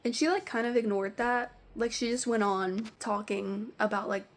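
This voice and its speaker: Young woman, slightly high voice, exasperated storytime vlogger, swears freely. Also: moderate pace. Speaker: pet store worker telling stories. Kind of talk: storytime rant.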